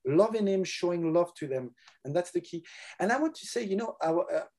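An older man whose first language is French, talking earnestly about faith and prayer in a halting way, often repeating words. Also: high-pitched, lively intonation, a little mellow. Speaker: guest. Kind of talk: casual Christian conversation.

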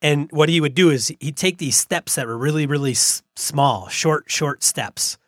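A man with a somewhat high voice tells a funny story from his tabletop game, laughing as he goes. He speaks casually and loosely. The recording is dry and close. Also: normal speed, dry recording. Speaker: podcast co-host. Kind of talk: casual chat about tabletop games.

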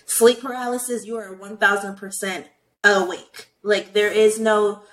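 A young woman telling a personal story in casual chat, animated and profane, full of "like" fillers. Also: medium pitch, unhurried, rough recording.

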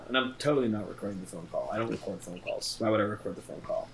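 A podcast co-host tells stories in casual, profane chat, animatedly acting out the voices of the people he quotes. His voice is on the low side and very fast with hardly any pauses, captured in a rough recording with a crowd in the background.

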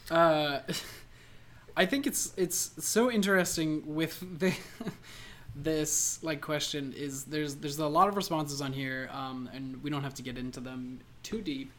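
A man's voice: fairly high pitch, measured pace, a bit bright. A man co-hosting a podcast in casual comedic chat, laughing often and swearing freely as he acts out silly scenes. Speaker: podcast co-host.

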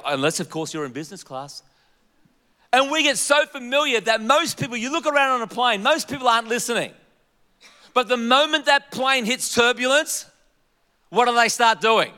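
High, bright-voiced preacher in a reverberant hall. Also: male voice, moderate pace, clean tone. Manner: conversational preaching with humor and repeated fillers. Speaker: pastor and denominational leader. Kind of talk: sermon.

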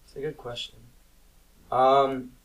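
A man's voice: medium pitch, flat delivery, slow pace. Young man telling stories, mic at a distance. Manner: rambling storyteller, swears freely, acts out quotes. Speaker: podcast co-host. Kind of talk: casual chat.

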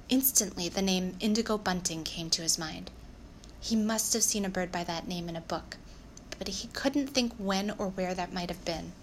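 A woman reading a children's novel aloud in a calm, measured storytelling voice. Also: on the low side, a little hiss or hum, low-quality recording. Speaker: audiobook narrator. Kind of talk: audiobook narration.

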